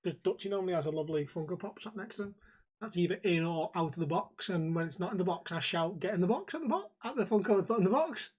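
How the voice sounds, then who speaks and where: Husky-voiced man, swearing banter. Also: high voice, lively intonation, fast. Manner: swearing, joking, laughing often. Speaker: podcast host. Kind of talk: casual late-night chat.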